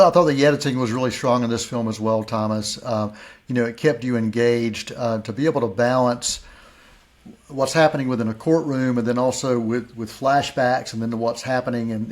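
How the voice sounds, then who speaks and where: A man's voice: medium pitch, steady tone, normal speed. A middle-aged man hosting a film review show, speaking casually with frequent restarts. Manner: stammering restarts, conversational. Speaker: film critic host.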